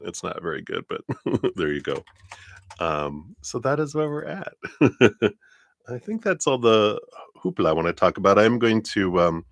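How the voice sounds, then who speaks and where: A man's voice: low-pitched, fairly bright tone, no room sound, clean studio sound. A man hosting a live tarot stream in a casual, chatty way, with many fillers and frequent laughs.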